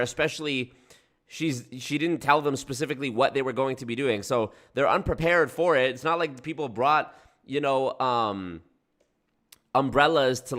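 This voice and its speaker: A man's voice: mid-range voice, a bit bright. Incredulous man in his twenties. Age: 20s. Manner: incredulous, sarcastic commentary. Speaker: commentator. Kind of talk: reacting to a clip.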